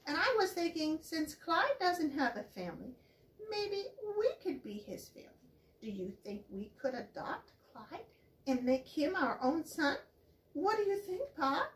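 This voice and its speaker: A woman voicing an excited, hopeful mother rat who gushes in a high voice. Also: a little slow, roomy sound, far from the mic. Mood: earnest.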